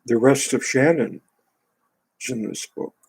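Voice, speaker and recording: Man, husky creaky voice, reads a book aloud, sarcastic indignant asides. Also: mid-range voice, measured pace, darkish tone, low-quality recording. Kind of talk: reading a book aloud with commentary.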